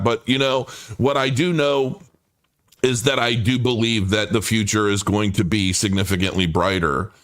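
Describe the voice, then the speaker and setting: A man in his forties hosting a livestream, talking off the cuff in a rambling, halting way with many restarts. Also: medium pitch, fairly bright tone. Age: 40s. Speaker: crypto livestream host. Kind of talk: casual livestream monologue.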